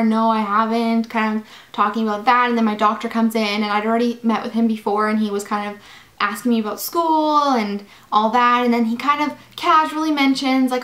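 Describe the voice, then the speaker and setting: A woman's voice: on the high side, moderate pace. Chatty young woman vlogger, echoey room. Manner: chatty, animated, lots of fillers. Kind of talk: casual storytelling to camera.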